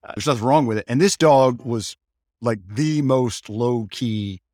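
A man hosting a casual podcast about dog training, asking guiding questions and telling relaxed anecdotes. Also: medium pitch, measured pace, no room sound, studio quality.

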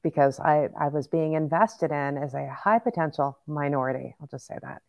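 A woman's voice: sits low, normal speed, darkish tone. A woman hosting a podcast, talking in a casual, chatty way with lots of "right?" and "like". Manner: chatty, agreeing, many fillers like "right?". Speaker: podcast host.

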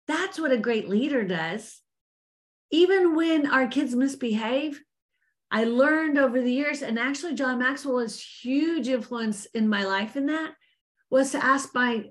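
Middle-aged woman, business coach, faith-based leadership talk, earnest and lively, slightly high voice. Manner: earnest, animated, addresses listeners as ladies. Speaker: business coach teaching women.

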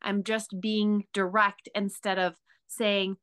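A woman's voice: medium pitch, unhurried, sharp tone. A woman co-hosting a casual conversation, explaining her ideas in an earnest, emphatic way.

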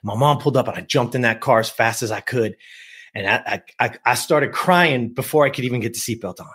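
A man's voice: medium pitch, brisk, a bit bright, breathy edge. Emphatic fifty-something man telling a story. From US West Coast. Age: 50s. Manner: emphatic, speaks straight to listeners. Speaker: guest, productivity coach. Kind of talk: emotional personal storytelling.

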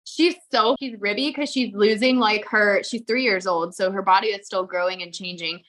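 Bright-voiced woman chatting casually. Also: medium pitch, moderate pace. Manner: candid, swearing, chatty with many fillers. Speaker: podcast co-host and horse trainer. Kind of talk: casual chat.

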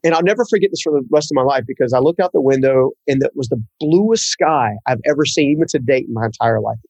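A man who is a guest in an interview, telling a personal story in an earnest, halting way and often repeating words. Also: medium pitch, darkish tone, husky, dry recording, highs cut off.

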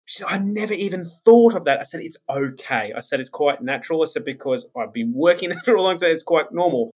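A man hosting a spiritual podcast, telling stories in a chatty, animated monologue. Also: on the high side, fast, breathy edge. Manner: chatty storyteller, animated retellings. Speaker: podcast host and medium.

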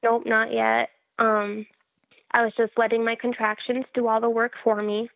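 A woman's voice: on the high side, level tone, normal speed, no room sound. A woman frankly telling her own story in a casual interview, wry and laughing at herself. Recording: tinny phone-like line.

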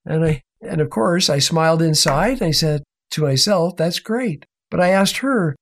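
A man's voice: fairly high pitch, normal speed. A middle-aged man telling a faith story in an interview, acting out the people he quotes. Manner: animated storyteller, acts out quoted voices. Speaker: author and guest.

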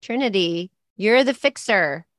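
A woman hosts a casual chat and asks probing questions. She has a medium-pitched voice with a dry, close sound. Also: expressive, measured pace, fairly bright tone, dry recording.

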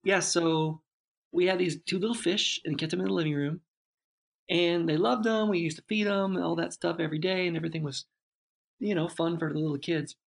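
A man, a father, in relaxed conversation, telling a long reflective story with many restarts and asides. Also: on the high side, a little fast, gravelly. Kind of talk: casual chat.

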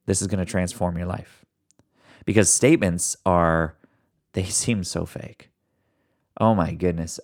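A man hosting a motivational podcast, talking earnestly and encouragingly straight to his listeners, a fast talker who sometimes slows down on purpose. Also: low-pitched, gravelly, a little mellow. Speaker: podcast host. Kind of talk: motivational solo podcast talk.

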